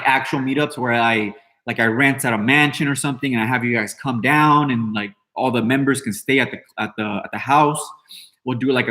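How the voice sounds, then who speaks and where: This is a podcast host in his thirties with a mid-range, fairly bright voice, chatting loosely on a live stream. He answers the chat in a brash, rambling way, swearing heavily and leaning on fillers.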